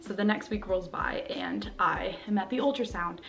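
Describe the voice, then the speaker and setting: A woman's voice: medium pitch, expressive, normal speed, a bit bright, faint music behind. A young woman vlogging to her camera at home, talking candidly and rambling with lots of fillers. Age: young adult. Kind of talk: personal vlog talking to camera. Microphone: camera mic, talking to camera.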